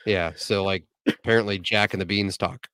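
A man co-hosting a casual podcast, setting up jokes deadpan and swearing casually. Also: low voice, moderate pace, clean tone, no room sound, studio quality. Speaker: podcast co-host.

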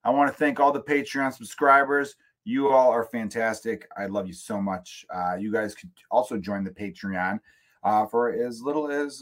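An American man hosts his own podcast, speaking close to a studio mic in a mid-range, fairly bright voice. His tone stays steady and his pace moderate as he rants casually, swearing, joking and wandering off into rambling asides.

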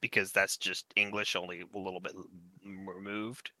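A man's voice: sits low, little pitch movement, normal speed, sharp tone, dry recording. A young man co-hosting a podcast, talking bluntly in casual chat, swearing freely and going off on tangents. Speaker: podcast co-host.

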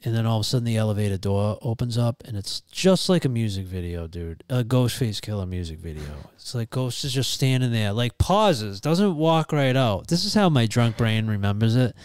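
A man, telling a wild anecdote in an animated, profane, casual chat. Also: medium pitch, moderate pace, few pauses, smooth, dry recording, studio quality.

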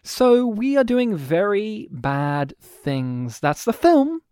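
A young man, co-hosting a casual film podcast, animated and jokey. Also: high voice, slow pace, clear, resonant tone, no echo, studio quality. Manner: jokey, animated, puts on silly voices. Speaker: podcast co-host. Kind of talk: casual chat.

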